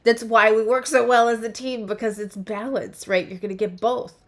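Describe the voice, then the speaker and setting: A female astrologer and tarot reader leads a relaxed spiritual chat, speaking with lively emphasis and frequently starting her phrases over. Her pitch is fairly high and her speed is normal.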